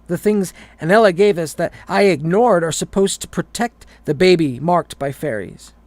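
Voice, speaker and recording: A man's voice: high-pitched, moderate pace, a little mellow, no room sound. A man reading a horror story aloud, often stumbling and repeating words.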